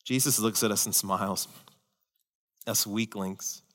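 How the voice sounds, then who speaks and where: A man pastor preaching a sermon in an animated style, acting out quotes and adding humorous asides. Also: fairly low pitch, unhurried. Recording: church hall reverb.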